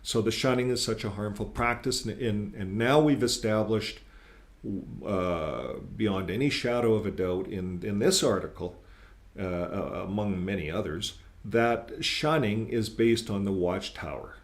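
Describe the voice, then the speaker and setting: A man's voice: on the low side, a little slow. A man hosting his own channel, talking casually and earnestly, reading and commenting on articles, often repeating words and using fillers. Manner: earnest, critical, grows emphatic when quoting. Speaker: channel host.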